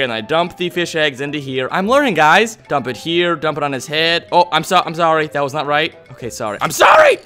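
A young man from the United States doing goofy, excitable commentary on a comedy game and yelling in mock frustration. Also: on the high side. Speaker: gaming YouTuber. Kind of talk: comedic let's play commentary.

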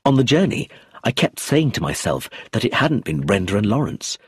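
A man narrating an audiobook in first person, plain and clear. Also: fairly low pitch, big pitch swings, normal speed, dry recording.

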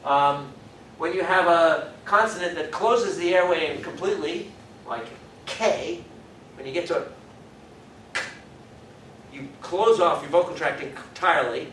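In a lecture hall, a man with a fairly high, fairly bright voice teaches a university class at a moderate pace. He works through the material step by step, thinking aloud and modeling vowel sounds. The distant, echoey recording has a little hiss or hum.

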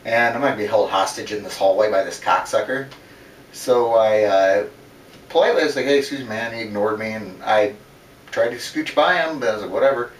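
A man casually telling rough stories as an interview guest, swearing freely, laughing and rambling with lots of fillers. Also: fairly low pitch, brisk, a little hiss or hum. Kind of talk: casual storytelling. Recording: roomy, distant mic with faint ambience.

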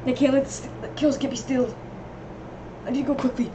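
A woman giving casual, rambling commentary on her gameplay, reacting excitably and yelping when enemies swarm her. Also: sits high, a little fast, noisy background. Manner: excitable, yelps and shrieks at enemies; rambling running reactions to the game. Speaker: gamer.

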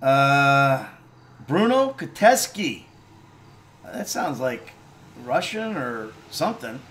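A man's voice: mid-range voice, big pitch swings, slow pace, fairly bright tone. A middle-aged man casually chatting while playing a video game on stream, reading viewer comments and joking around. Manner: laid-back, chatty, laughs and swears freely. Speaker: actor streaming a game playthrough.

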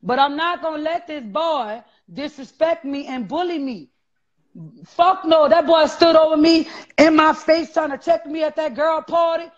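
A man, telling stories loudly and profanely in a casual chat. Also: very high voice, normal speed. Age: 40s. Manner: loud, profane, animated storytelling. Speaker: guest. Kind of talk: casual live-stream chat. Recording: dull lo-fi sound.

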